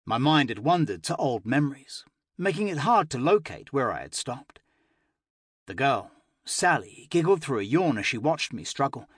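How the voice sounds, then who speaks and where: A man narrating a first-person fantasy audiobook with expressive, emotional delivery. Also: mid-range voice, normal speed, slightly rough, no room sound, studio quality.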